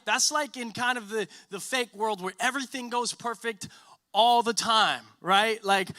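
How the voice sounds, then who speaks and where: A man preaching a sermon as pastor, animated and conversational, tagging lines with a quick question and acting out characters in a casual modern voice. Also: sits high, no room sound, clean studio sound. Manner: conversational, many "right?" tags and restarts.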